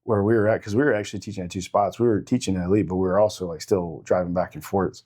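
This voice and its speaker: A man in his thirties, a martial arts coach and podcast guest, recalling things in a quick, offhand way. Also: deep voice, steady tone, dark tone, slightly rough. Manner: quick, offhand, filler-heavy recollection. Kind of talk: casual chat.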